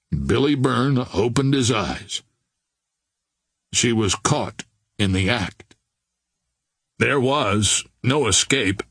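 A man narrating an audiobook in a measured, expressive storytelling manner, close to the mic. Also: mid-range voice, no room sound.

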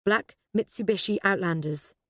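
A woman's voice: mid-range voice, normal speed, dry recording, clean studio sound, voice pushed up, close to an everyday voice. A woman reading as a blunt young heroine. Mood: tense. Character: young British woman caught in a shootout, tough.

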